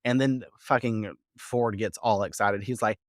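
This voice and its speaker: A man hosting a podcast who recaps a TV episode in a casual, profane and animated way, full of quoted asides. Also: lowish voice, unhurried, no echo, studio quality. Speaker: podcast host.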